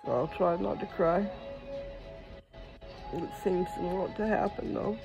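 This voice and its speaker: A man's voice: high voice, measured pace, gravelly, pauses often, lo-fi sound, music in the background. A man vlogging casually at home, talking in a scattered, rambling way straight to his viewers as he walks between rooms. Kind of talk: casual rambling vlog talk.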